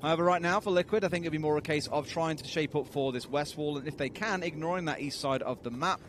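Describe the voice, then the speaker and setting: A man giving measured, analytical color commentary on an esports match, explaining tactics at length. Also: on the high side, slight background noise.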